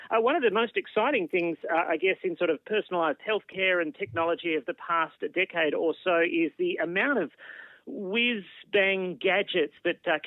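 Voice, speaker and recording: A male radio host chatting in a relaxed way, with frequent fillers. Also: high-pitched, dry recording. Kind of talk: radio chat. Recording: phone-like lo-fi radio audio.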